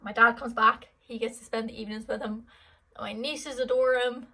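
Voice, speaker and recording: A woman's voice: fairly high pitch, fairly even intonation, normal speed, bright, forceful tone, poor audio. An Irish woman in her twenties answering fan questions in a casual vlog, rambling and chatty with lots of fillers. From Ireland.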